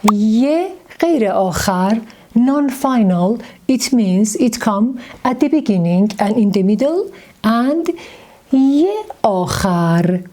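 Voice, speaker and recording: A woman with a Persian accent gives a slow, patient beginner lesson. She repeats each letter and word, and her voice sounds mellow and dark. Her speech is measured and unhurried. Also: on the high side, expressive. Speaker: Persian language teacher.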